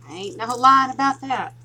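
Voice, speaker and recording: A woman's voice: high voice, sharp tone, slight background noise, rough recording. A woman from Tennessee with a strong Southern twang, chatting casually and laughing often while she walks viewers through a craft project. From Tennessee, USA. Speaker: craft tutorial host.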